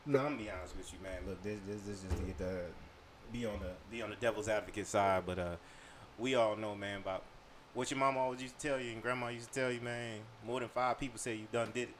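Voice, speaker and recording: A man's voice: lowish voice, fairly even intonation, quick pace, a crowd in the background. A man talking casually on a podcast, explaining his views at length.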